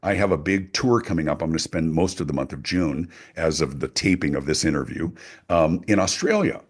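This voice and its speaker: A man's voice: rumbling low, fairly quick, husky. A middle-aged man, a guest speaker and author, talking emphatically in an interview. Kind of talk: animated interview talk.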